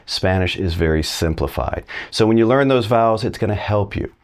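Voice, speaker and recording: A middle-aged man with a very low, deep voice teaches a language lesson on video. He talks straight to the viewer, folksy and encouraging, walking them through each step. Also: lively intonation, moderate pace. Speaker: Spanish teacher.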